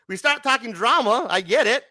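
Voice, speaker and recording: Male livestream host with a bright, high, very animated voice that swings up and down a lot. He keeps it casual and joking, laughs often and swears freely. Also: a little fast. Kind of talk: casual late-night livestream chat.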